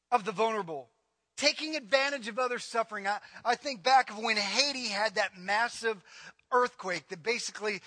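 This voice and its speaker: A man preaching a sermon on scripture, dramatic and emphatic, swinging from loud repeated lines to low murmurs and acting out quoted voices. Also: no echo.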